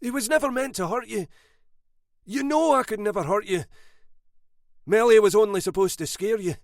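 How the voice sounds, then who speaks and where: A man's voice: sits high, moderate pace, dry recording, clean studio sound, voice pushed up, lightly acted. A man doing an obsessive, controlling husband. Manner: coaxing then snarling, possessive.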